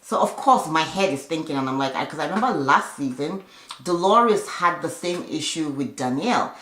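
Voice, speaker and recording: A woman's voice: sits low, lively intonation, moderate pace, a bit bright. A woman giving a casual, chatty recap of a reality show, with opinionated asides along the way. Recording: echoey room.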